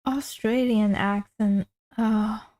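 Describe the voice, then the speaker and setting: A woman's voice: medium pitch, fairly even intonation, slow, dark tone, low-quality recording. A woman streamer chatting casually while drawing, rambling and self-deprecating, often trailing off mid-sentence. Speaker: art streamer.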